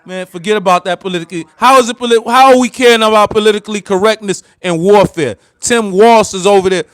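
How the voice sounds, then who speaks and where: A man's voice: high voice, quick pace, clean tone, no echo. An American man hosting a heated political commentary livestream, fired up and repeating himself as he talks straight to viewers. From United States. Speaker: livestream host.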